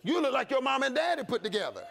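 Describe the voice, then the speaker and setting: A male pastor preaching a sermon, shouting and calling on the congregation to answer back. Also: very high voice, big pitch swings, fast talker, gravelly, some chatter behind. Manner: preaching with shouts and call-and-response.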